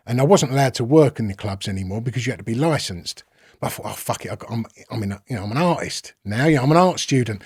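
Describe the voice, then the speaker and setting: A man's voice: mid-range voice, husky, dry recording, studio quality. A middle-aged man with a London accent, a podcast guest casually telling a story, swearing freely and acting out the quotes. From England. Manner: swears freely, lively retelling with acted-out quotes.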